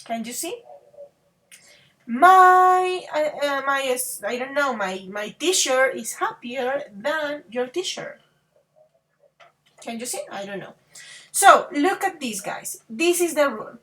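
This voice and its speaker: Woman, English teacher, affectionate, halting restarts, crisp bright tone. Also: high-pitched, expressive. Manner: affectionate, calls students babies and dears; repeats okay and halting restarts. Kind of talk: grammar lesson to students.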